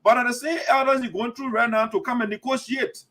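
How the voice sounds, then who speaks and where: A man's voice: very high-pitched, fairly even intonation, brisk, fairly bright tone. A man hosting a heated, preachy commentary show, repeating himself and accusing people. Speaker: community radio commentator.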